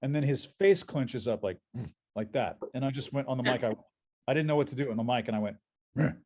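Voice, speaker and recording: This convention panel guest, a male voice actor, is a fast talker with a medium-pitched voice. His anecdotes are animated, and he repeats words each time he starts over.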